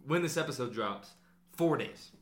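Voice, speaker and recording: A man's voice: medium pitch, animated, moderate pace, roomy sound. A man co-hosting a casual sports podcast, joking and laughing often. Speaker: podcast co-host.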